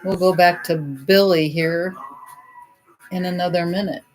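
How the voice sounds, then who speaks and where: A middle-aged woman on a casual livestream, gently and sympathetically chatting with viewers while thinking aloud through many pauses. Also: lowish voice, fairly even intonation, soft background music. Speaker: livestreamer taking song requests. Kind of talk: casual live-stream chat.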